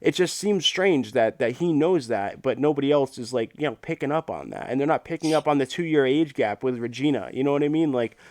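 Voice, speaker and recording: A man's voice: mid-range voice, lively intonation, a little mellow, no room sound, studio quality. Profane, ranting livestream host, man. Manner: profane, rambling, fast-talking rant. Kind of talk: casual livestream chat.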